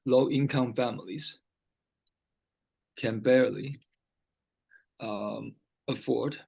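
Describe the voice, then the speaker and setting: In this one-on-one vocabulary lesson, a male English tutor patiently repeats key words and frequently checks his student's understanding. His medium-pitched voice has fairly even intonation, vocal fry, and a slightly rough, somewhat mellow quality. He takes it slowly, and the recording is low quality.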